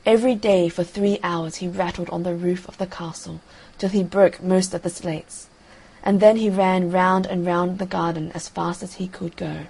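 A woman reads a classic fairy tale aloud in a calm, measured way. Her voice sits a little low, with a gravelly fry and a husky, breathy grain. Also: poor audio. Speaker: narrator. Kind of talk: audiobook reading of a fairy tale.

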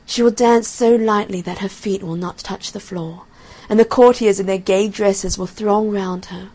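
A woman's voice: mid-range voice, fairly even intonation, moderate pace, dark tone, close to an everyday voice. A woman reading aloud and voicing a sorrowful, lovesick young male student in a plaintive, dreamy tone. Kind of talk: storybook reading.

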